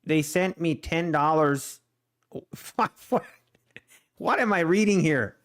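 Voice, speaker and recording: A man's voice: fairly high pitch, slow, fairly bright tone. A middle-aged man, chatting casually on a trading livestream, laid-back and joking. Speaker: day trading livestream host. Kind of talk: casual live-stream chat.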